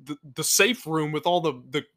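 A young man co-hosting a podcast in casual chat, animated and critical, swearing freely. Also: on the high side, normal speed. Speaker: podcast co-host.

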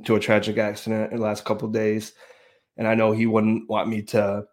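Subdued, halting man hosting a fan show. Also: on the low side, monotone, darkish tone. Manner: subdued, halting, many restarts and sighs. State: grieving, emotional. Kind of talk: casual sports podcast talk.

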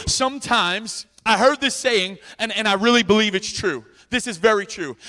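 High-voiced preacher guy at a revival, goes loud then real quiet, church mic. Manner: loud, impassioned, swings between shouting and quiet asides; repeats words in rapid runs. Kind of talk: sermon. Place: church sanctuary with a sound system. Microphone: handheld or stand microphone, volume adjusted by the sound man.

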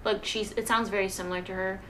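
A woman who is not a native English speaker, co-hosting a podcast in casual chat and enunciating clearly. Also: medium pitch, steady tone, fast talker, sharp tone, a little hiss or hum, rough recording. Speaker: podcast co-host.

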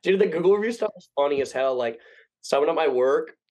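A young man in casual podcast chat, telling profane stories quickly and acting out the people in them. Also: on the high side. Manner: fast, profane storytelling with animated impressions.

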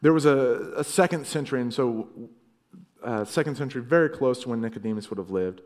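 A man preaching a sermon as pastor, earnest, rising to loud emphasis and dropping to quiet low lines. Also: a little fast.

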